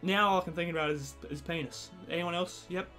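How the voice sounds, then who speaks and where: A man's voice: on the high side, fairly even intonation, a little fast, sharp tone, soft background music. A young man telling rambling, sweary, self-mocking stories to camera in a casual vlog. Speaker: vlogger. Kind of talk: casual confessional storytelling.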